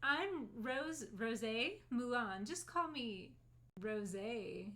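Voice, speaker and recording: A woman's voice: on the high side, animated, takes it slowly, fairly bright tone. A woman reading the lines of a fancy, condescending female ghost expert in a game, with a drawling, posh manner. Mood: haughty. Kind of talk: reading game dialogue aloud.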